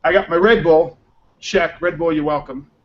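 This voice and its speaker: A man's voice: on the high side, fairly even intonation, moderate pace. A man hosting a podcast in upbeat, joking, rambling casual chat, on muffled lo-fi audio. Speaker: podcast host.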